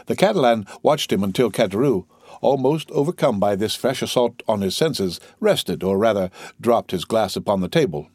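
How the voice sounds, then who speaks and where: A man's voice: lowish voice, animated, moderate pace, a little mellow, husky, no echo, studio quality. Man narrating a classic novel. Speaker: audiobook narrator. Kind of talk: scripted narration.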